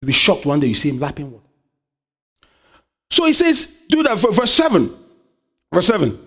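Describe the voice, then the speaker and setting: High-voiced preacher calling and answering. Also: male voice, wildly swooping pitch, normal speed. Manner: call-and-response, asks the congregation "what?"; swings between loud high exhortation and low quiet asides. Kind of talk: sermon.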